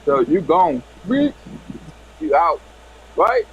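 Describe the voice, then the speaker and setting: A man hosting a podcast, telling stories in a casual, animated way with lots of laughter and restarts. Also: fairly high pitch, slow, creaky, breathy edge, phone-quality sound. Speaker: podcast host. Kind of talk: casual storytelling chat.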